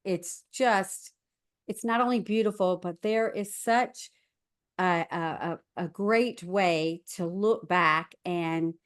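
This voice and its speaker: A woman hosting a faith podcast interview, affirming and encouraging her guest. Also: fairly low pitch. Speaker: podcast host.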